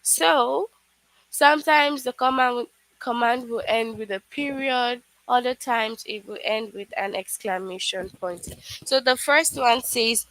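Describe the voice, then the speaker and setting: A woman's voice: fairly high pitch, measured pace, fairly bright tone, no echo, rough recording. A woman teaching a live online English lesson to children, explaining patiently step by step with frequent "okay"s.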